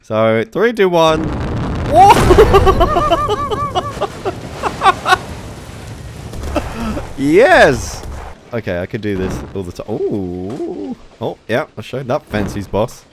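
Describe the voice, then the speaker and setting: A man commentating his own gameplay, excited, giggling often and exclaiming at explosions. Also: fairly low pitch, measured pace, hardly any pauses, slight background noise. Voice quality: giggly, frequent laughter and exclamations. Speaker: gaming YouTuber.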